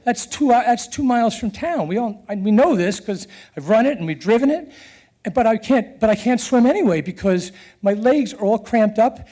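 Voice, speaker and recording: A middle-aged man telling a personal story in an earnest, animated way, with chuckles and halting restarts. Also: high-pitched.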